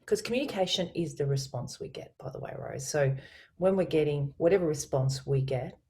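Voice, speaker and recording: A woman voice coach speaking as a guest on a video call, explaining communication in an expressive, teacherly way. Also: deep voice, brisk. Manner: expressive, teacherly, varies her inflection. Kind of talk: explanatory interview talk with spoken tone demonstrations.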